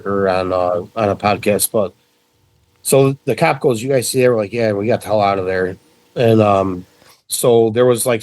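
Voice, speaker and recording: Low-voiced man telling a story casually. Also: no echo. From central New York. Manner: animated, profane storytelling. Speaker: podcast guest.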